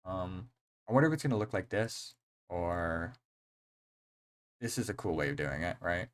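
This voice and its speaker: A young man talks on a live game stream. His voice sits a little low. He rambles from one thought to the next, gets excited easily, and leans on slang and fillers. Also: moderate pace. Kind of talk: casual live-stream chat.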